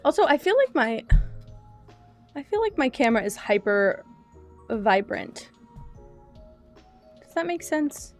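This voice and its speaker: A young woman chatting casually on a livestream, soft-spoken and quick to laugh as she talks to her cats and her chat. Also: high-pitched, sing-song, soft background music.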